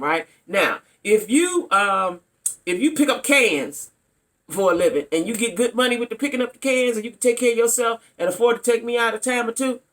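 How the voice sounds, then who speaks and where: A middle-aged woman vlogger telling a story to her viewers in a blunt, animated way, often checking in with them. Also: medium pitch. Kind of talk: casual storytelling to camera.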